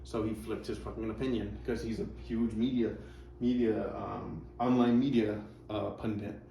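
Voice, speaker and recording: A man hosts a reaction video, rambling casually over clips and tossing in sarcastic asides. His voice is fairly low, creaky and warm, delivered flatly at normal speed. The recording is roomy, with a distant mic and faint noise.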